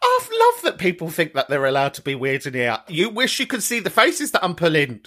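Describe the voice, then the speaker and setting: A man's voice: fairly high pitch, wildly swooping pitch, fairly quick, sharp tone. A man hosting a podcast in a camp, chatty, sweary style, laughing often. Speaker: podcast host. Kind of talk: casual chat.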